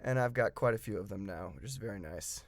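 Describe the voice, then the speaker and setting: A man's voice: fairly low pitch, fast talker, no room sound. A man giving a casual, enthusiastic hobby review of tabletop game pieces, reading the rules aloud and commenting between frequent fillers.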